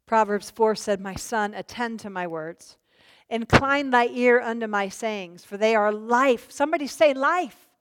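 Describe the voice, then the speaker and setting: A woman preaching a sermon, emphatic, swinging between loud declarations and soft low asides. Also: a little slow.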